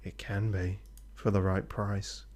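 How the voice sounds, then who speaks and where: A sleazy, menacing man from a video game, as voiced by a man with a fairly low voice, who talks in a slow, oily and insinuating way. He sounds like someone you should not trust. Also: little pitch movement, darkish tone. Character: sleazy, menacing man scouting tall talent.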